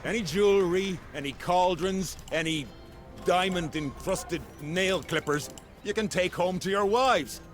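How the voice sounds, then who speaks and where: A man's voice: high-pitched, a little slow, long pauses, over loud music, pitched above the performer's own voice. A man putting on a rowdy leader who rallies his soldiers to grab gold, in a boisterous, hammy way. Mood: rallying.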